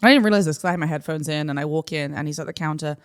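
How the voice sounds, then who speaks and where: A woman's voice: low-pitched, very fast, clear, resonant tone. A young woman from New City, co-hosting a podcast and animatedly telling a story, acting out the voices of the people in it. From New York City. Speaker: podcast co-host. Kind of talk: casual storytelling chat.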